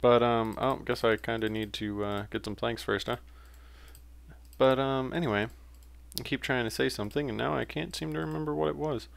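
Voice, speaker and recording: A man's voice: mid-range voice, normal speed, creaky, dry recording. A young man giving casual, rambling commentary while playing a game, with frequent fillers and self-corrections. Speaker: let's play gamer.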